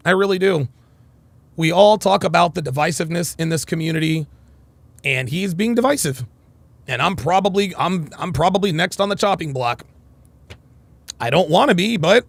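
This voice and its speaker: A hoarse male livestream host in casual commentary, rambling and repeating himself, swearing freely and reading out viewer comments. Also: a little high, no echo. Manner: reads out chat comments. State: hoarse, nearly lost voice.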